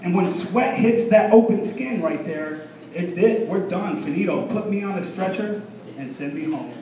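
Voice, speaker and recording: A man's voice: high-pitched, lively intonation, moderate pace, mellow, a little hiss or hum. A man in his thirties doing a brash stand-up set, teasing the crowd and drawing out his punchlines. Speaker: stand-up comedian. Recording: echoey room from far off, faint ambience.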